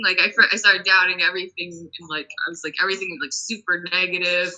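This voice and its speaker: A woman, a singer guest on a podcast, speaks hesitantly and fills her sentences with "like". Her voice is very bright and clear, pitched somewhat low for a woman. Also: fairly even intonation, fast talker, hardly any pauses, poor audio. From United States. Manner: hesitant, heavy use of "like". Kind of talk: casual interview.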